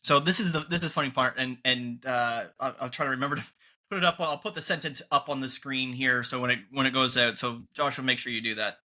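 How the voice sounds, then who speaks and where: A man's voice: mid-range voice, steady tone, fast talker, sharp tone. A man hosting a casual podcast, talking emphatically and often restarting his phrases. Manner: emphatic, restarts and repeats words. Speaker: podcast host.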